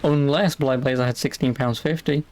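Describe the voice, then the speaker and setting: A man's voice: mid-range voice, fairly even intonation, moderate pace, darkish tone, a little hiss or hum. A young British man streaming a game, casually bantering with his chat, sarcastic and swearing. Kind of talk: casual live-stream chat while playing.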